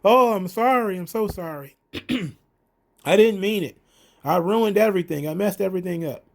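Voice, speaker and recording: A man's voice: high-pitched, normal speed, creaky, voice pushed up. A man voicing an insincere man who whines out a fake, weepy apology. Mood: mock weeping. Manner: whiny, exaggerated sobbing apology.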